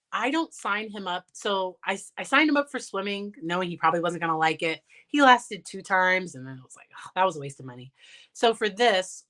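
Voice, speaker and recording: A woman's voice: medium pitch, pushed and bright. A woman psychologist talking casually in a livestream Q&A, chatty and candid, laughing often and restarting sentences, recorded on her phone. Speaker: licensed psychologist and parent.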